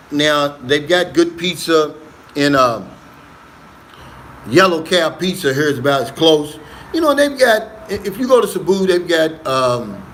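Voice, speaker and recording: A man's voice: on the high side, a bit bright, a little hiss or hum. A man hosting a casual livestream on his phone, reading viewer comments aloud and answering them in an earnest, easygoing way. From United States. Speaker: livestream host.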